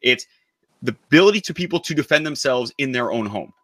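Fast, bright-voiced indignant male co-host. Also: mid-range voice, expressive, no echo, studio quality. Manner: emphatic, indignant, quick delivery with sarcastic jabs. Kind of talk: political talk show banter.

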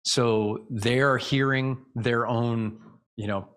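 A man's voice: mid-range voice, fairly even intonation, takes it slowly, a bit bright, clean tone. A man speaking as an interview guest, explaining speaking tips in a coaching tone and acting out vocal examples. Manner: coaching tone, demonstrates vocal examples, many restarts. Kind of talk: casual interview chat.

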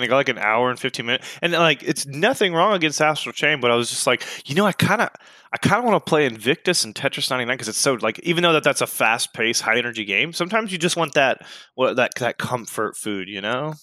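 An excitable young man co-hosting a casual podcast, laughing often and swearing casually. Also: medium pitch, fast, no room sound. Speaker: podcast co-host. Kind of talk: casual chat.

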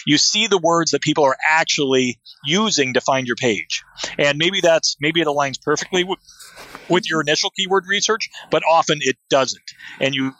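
A man's voice: fairly high pitch, bright, forceful tone, dry recording. A man talking as a guest in a casual interview, enthusiastic, with many fillers and restarts. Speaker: podcast guest, SEO expert.

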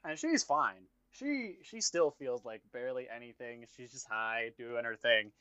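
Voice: medium pitch, animated, measured pace, bright, forceful tone, dry recording. A person telling a long story in casual chat, rambling and swearing, with lots of "like" fillers. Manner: rambling, profane storytelling full of "like". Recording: dull lo-fi dry recording.

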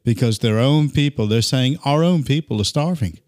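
A man's voice: mid-range voice, moderate pace, a little mellow. A man hosting a political talk show, earnest and indignant, reading headlines and inviting callers in. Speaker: host.

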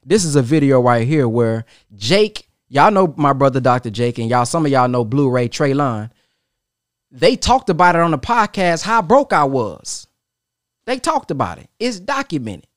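Animated man addressing viewers. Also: mid-range voice, moderate pace, dry recording, studio quality. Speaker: podcast host. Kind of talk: casual monologue to viewers.

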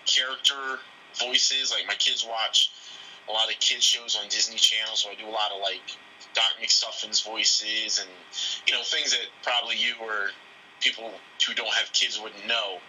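A man's voice: lowish voice, level tone, normal speed, bright, forceful tone, slight background noise, poor audio. A man in his thirties from Pennsylvania, a voice actor chatting casually in an interview, rambling with lots of fillers. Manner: rambling, many fillers and restarts. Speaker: guest voice actor.

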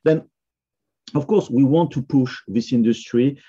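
A man's voice: mid-range voice, a little slow, dark tone, breathy edge, highs cut off. A man with a French accent talking casually as a podcast guest, often hesitating with fillers and restarts. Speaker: software company founder, podcast guest.

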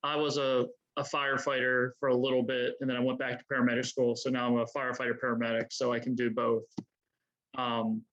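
A man's voice: medium pitch, flat delivery, fast, a bit bright, lo-fi sound. A man with a Baltimore accent, a firefighter paramedic, chatting casually and jokingly complaining. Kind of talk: casual podcast chat.

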